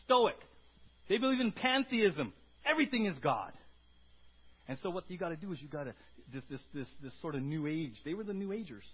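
A pastor giving a conversational sermon, often tagging points with "right?" and moving between loud emphasis and quiet asides. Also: male voice, high voice, husky, highs cut off.

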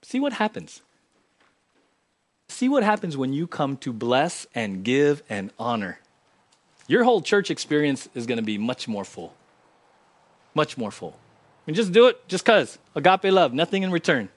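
A pastor delivers a sermon in a church, his voice pitched a bit high for a man. He swings between loud, emphatic lines and soft, low asides to his congregation. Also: very animated, a little slow, long pauses. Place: church sanctuary.

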